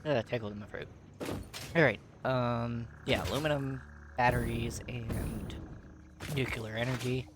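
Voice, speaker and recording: A man's voice: mid-range voice, steady tone, measured pace, noisy background. A man losing his voice, rambling casually as he plays and comments on a factory-building game. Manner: rambling, filler-heavy, laid-back. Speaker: gaming video creator. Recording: loud game music behind.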